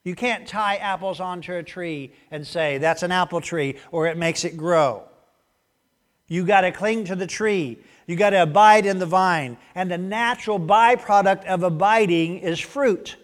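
Male preacher, fairly high voice, conversational sermon that moves from animated to hushed. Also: unhurried. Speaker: pastor.

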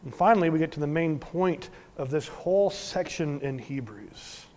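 A man preaching a sermon as pastor, earnest, swinging from emphatic to hushed. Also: fairly high pitch, lively intonation, normal speed. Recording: long hall reverb.

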